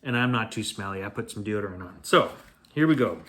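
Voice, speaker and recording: Man from Canada, bedtime story host, animated pitch, chatty asides. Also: a little fast, a little hiss or hum.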